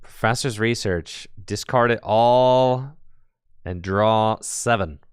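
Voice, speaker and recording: A man's voice: fairly low pitch, slow pace, smooth, dry recording, studio quality. A man casually commentating a card game tournament stream, rambling with jokey asides and answering chat.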